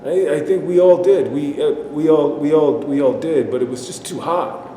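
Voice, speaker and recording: A man performing a dramatic stage monologue, speaking haltingly and repeating himself as he recounts a disturbing memory. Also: dark tone, lightly acted. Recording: echoey hall, faint rumble.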